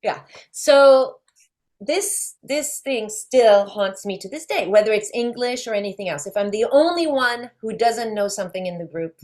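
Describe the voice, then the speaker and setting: A woman, a guest chatting in an interview and telling lively stories with frequent laughs. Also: fairly high pitch, moderate pace. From France. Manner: animated storyteller, laughs often. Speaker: guest, actress. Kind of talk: casual interview chat.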